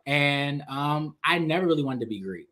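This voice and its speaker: A young man co-hosting a casual panel chat, telling his story in an animated way and laughing often. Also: fairly high pitch, moderate pace. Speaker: co-host.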